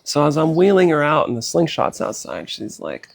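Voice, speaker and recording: A middle-aged man telling a painful personal story in a halting, emotional way, with many pauses, fillers and sighs. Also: fairly high pitch, sing-song, gravelly. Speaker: personal vlogger.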